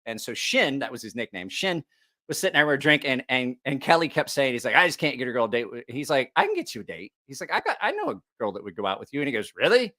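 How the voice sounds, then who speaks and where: A man hosting a casual livestream chat, telling a profane story with lots of laughter and animated asides. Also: mid-range voice, quick pace. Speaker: knife channel host.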